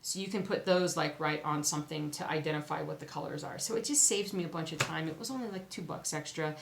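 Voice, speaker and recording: A woman with a somewhat low voice chats to her viewers about her stitching, excitable and quick to exclaim. The room around her is echoey, with a faint hiss of background noise. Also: gravelly. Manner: excitable, chatty, exclaims often. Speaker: cross-stitch vlogger. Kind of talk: casual chat to camera.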